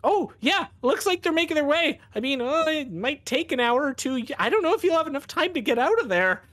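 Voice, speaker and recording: A man's voice: very high voice, very animated, fairly quick, a bit bright, no echo, pitched above the performer's own voice, full character voice. A man voicing a casual demon that speaks into a character's mind during a tabletop role-play, rambling and unbothered.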